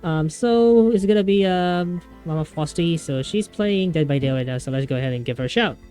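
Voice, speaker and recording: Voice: medium pitch, fairly quick, warm tone, faint music behind. A young adult VTuber streamer, chatting casually on a livestream in a rambling way, with many fillers and restarts.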